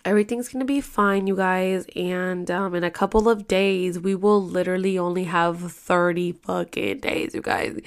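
A woman's voice: on the low side, fairly even intonation, measured pace, hardly any pauses, clean tone. A woman vlogger telling a personal story in casual chat straight to her viewers, rambling and swearing freely. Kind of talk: casual chatty storytelling to the camera.

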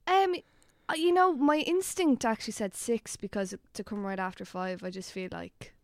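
A woman's voice: fairly high pitch, normal speed, dry recording. A woman, a podcast guest who chats in a playful, giggly and offbeat way. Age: 20s. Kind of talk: casual podcast chat.

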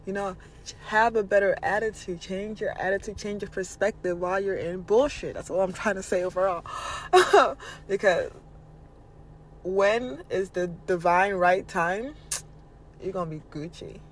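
A man's voice: high voice, unhurried, a bit bright, slight background noise. A man hosting a podcast, giving a blunt, casual spiritual motivational monologue and swearing freely. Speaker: podcast host.

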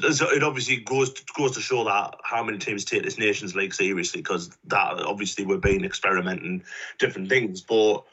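A man's voice: on the low side, pushed and bright, dull audio. A man chatting about football, hesitant and repeating words. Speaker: podcast guest pundit. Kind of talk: casual football chat.

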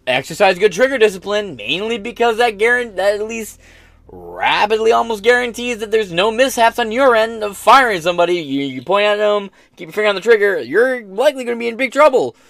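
A man's voice: sits high, sing-song, a little fast, creaky, a bit bright, no echo. An American man hosting a podcast, reacting to news in a blunt, profane rant. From United States. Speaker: podcast host. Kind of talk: casual reaction commentary.

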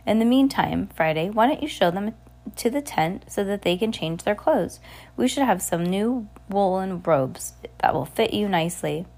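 A woman reading aloud and voicing a genial older male island leader who speaks cordially with gentle authority. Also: mid-range voice, lively intonation, normal speed. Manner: cordial, smooth, gently commanding.

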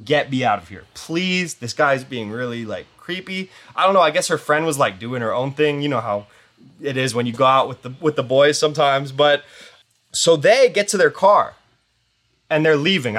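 A young man hosting a podcast, telling a story casually and rambling, with lots of "like" and quoted voices. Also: medium pitch. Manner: rambling, filler-heavy with constant "like"; animated retelling with quoted voices. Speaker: podcast host.

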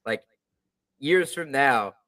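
A man's voice: mid-range voice, animated, slow, pushed and bright. A man co-hosting a podcast, talking casually in an easygoing, rambling way. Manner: easygoing, rambling, restarts sentences. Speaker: podcast co-host. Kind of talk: casual chat.

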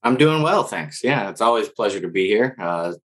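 A man appearing as a guest sports writer, answering questions in a measured way. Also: fairly low pitch, lively intonation, fairly bright tone. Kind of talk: interview answers.

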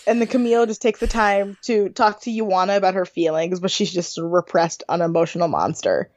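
A woman's voice: on the low side, a little fast, a little mellow, no echo. A young woman co-hosting a podcast, chatting casually and laughing often. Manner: giggly, frequent laughter. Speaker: podcast co-host. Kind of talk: casual chat recapping a reality show.

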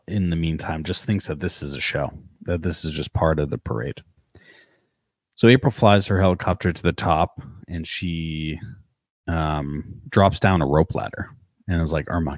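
Very deep-voiced man recapping casually. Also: measured pace, dry recording. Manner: swears freely, narrates the plot loosely. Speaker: podcast co-host.

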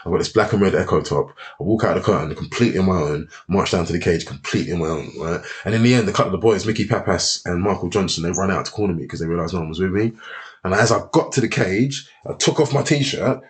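A former fighter appears as a podcast guest, telling stories in casual conversation with plenty of swearing. His voice sits low and moves at a quick pace. He's animated and profane, often acting out other people's lines.

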